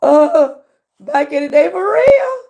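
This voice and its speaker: A woman's voice: high-pitched, sing-song, takes it slowly, gravelly, dark tone. A woman with a Southern US accent hosting a casual livestream, chatty, laughing often and talking back to her chat. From Georgia, US. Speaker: livestream host.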